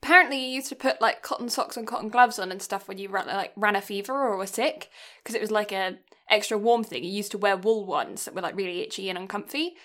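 A woman's voice: mid-range voice, fast, a bit bright. A young British woman co-hosting a podcast, chatting casually, swearing and laughing often. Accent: British English. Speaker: podcast co-host. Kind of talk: casual chat.

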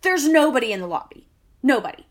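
A woman's voice: sits high, sing-song, fast talker. A woman, co-hosting a podcast and telling a long, wry, exasperated story in casual chat. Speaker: podcast co-host.

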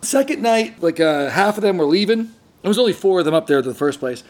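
A man hosting a podcast, telling a long story in a casual, animated way, acting out the people he quotes and often restarting his sentences. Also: high voice, fast talker. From San Diego area. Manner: animated, acts out quoted voices, frequent restarts. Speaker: podcast host.

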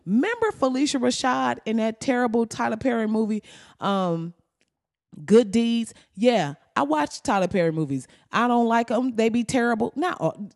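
A woman's voice: a little high, expressive, normal speed, vocal fry, no echo, studio quality. A woman telling stories in a rambling, profane comedic monologue. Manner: loud, rambling, profane storytelling with frequent laughs.

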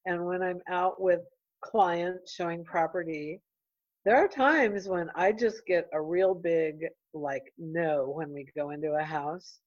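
A middle-aged woman, a real estate broker, talking in an earnest, heartfelt and halting way as an interview guest. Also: lowish voice, steady tone, dry recording, muffled recording. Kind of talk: casual interview chat.

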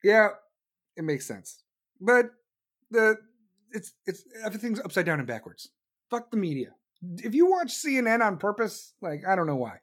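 A man's voice: sits high, very animated, moderate pace, pauses often, fairly bright tone. A man delivering a profane, sarcastic political rant as commentator. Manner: angry, sarcastic, mocking.

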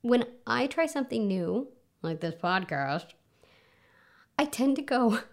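A woman's voice: fairly high pitch, lively intonation, measured pace, gravelly. Chatty woman hosting a solo podcast. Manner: chatty, lots of fillers and self-mocking laughs. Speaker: podcast host. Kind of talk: casual solo podcast monologue. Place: home under a flight path, planes overhead.

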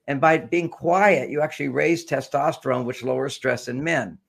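A man's voice: medium pitch, normal speed, gravelly, husky. An older man, a guest author, explaining relationship ideas with generalizations and stories in a talk show interview.

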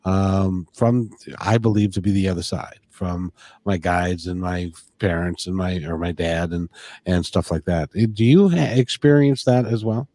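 A man's voice: deep voice, unhurried, dark tone. A man hosting a spiritual conversation, earnest, often repeating words as he thinks. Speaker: podcast host.

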